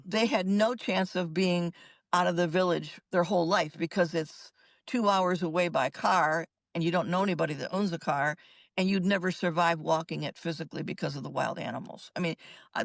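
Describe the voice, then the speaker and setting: A woman's voice: on the low side, a little fast, gravelly, no echo. An older woman, a psychologist, telling her own story in an interview in an emphatic, earnest way. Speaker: guest psychologist.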